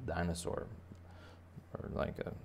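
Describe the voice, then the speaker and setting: A man's voice: a little slow, background noise. A man giving a playful, rambling drawing lesson for children, with many fillers. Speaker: drawing teacher. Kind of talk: casual drawing tutorial for kids.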